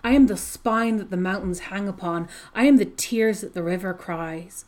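A woman reading aloud as an ancient, roaring male tree monster, speaking in grand, booming declarations. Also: normal speed, darkish tone, close to an everyday voice. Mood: grandiose.

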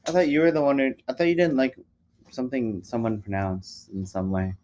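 A man's voice: mid-range voice, steady tone, a little fast, darkish tone, a little hiss or hum. A young man in casual podcast chat, curious and full of questions. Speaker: podcast co-host.

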